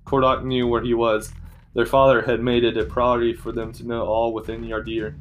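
A man narrating a fantasy story at a steady, measured storytelling pace. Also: medium pitch, slight background noise.

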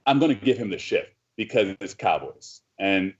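A man's voice: lowish voice, expressive, normal speed. Podcast co-host, male, rambling profane storyteller, slightly muffled lo-fi sound. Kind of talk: casual sports chat.

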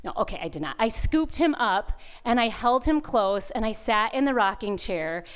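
High-voiced woman telling a lively sermon story. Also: normal speed, smooth. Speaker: retreat speaker.

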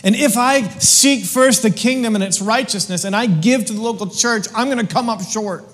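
A man's voice: high voice, moderate pace, a bit bright, long reverb tail. A man preaching a sermon in a casual, joking, slangy way, stumbling over restarts as he goes. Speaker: pastor.

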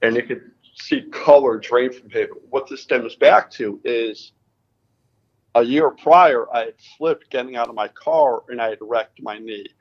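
A man's voice: medium pitch, measured pace, dull audio. A man from Connecticut, a racing driver guest, telling his story in a casual interview and acting out the dialogue. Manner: animated retelling, acts out quoted dialogue.

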